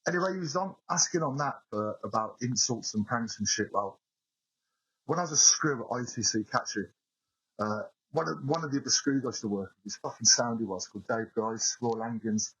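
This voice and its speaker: Male caller, husky and profane, a barrack-room storyteller on a muffled, lo-fi voice note. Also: medium pitch, a little fast, fairly bright tone. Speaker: listener sending a voice note. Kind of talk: casual anecdote. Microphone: phone voice note.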